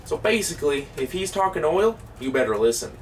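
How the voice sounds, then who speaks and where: An actor playing a self-important small-time oil boss in a mockumentary comedy, folksy and boastful with a drawl. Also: male voice, on the high side, big pitch swings, a little fast. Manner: folksy, boastful, easily flustered. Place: cramped old camper. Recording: distant mic, noisy background.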